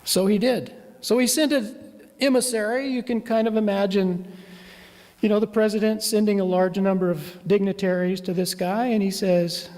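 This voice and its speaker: Man, minister, sermon, conversational storytelling, high voice, long church reverb. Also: fairly even intonation, moderate pace, a little mellow.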